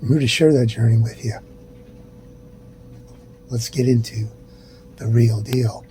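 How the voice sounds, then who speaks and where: A middle-aged male vlogger films a casual update from his hospital room while ill, speaking unhurriedly in a soft voice that drifts into whispers, with frequent sighs. The poor-quality audio carries a steady low rumble in the background.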